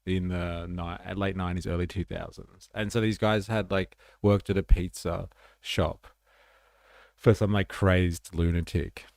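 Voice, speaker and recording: Gravelly-voiced Australian man, chatty livestream host. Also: low voice, steady tone, unhurried, darkish tone, no room sound, studio quality. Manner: chatty, slangy, rambling with many fillers. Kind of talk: casual reaction commentary.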